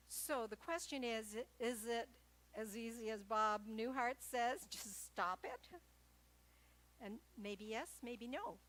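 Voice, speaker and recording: A woman preaching a sermon at a church service, telling stories in a gentle, light-hearted way. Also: a little high, slight background noise, poor audio. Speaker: guest speaker at church.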